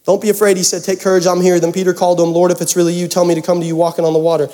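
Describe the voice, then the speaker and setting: A man's voice: high-pitched, flat delivery, racing, dark tone. A man preaching a sermon, casual and joking as he talks straight to the congregation. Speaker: pastor.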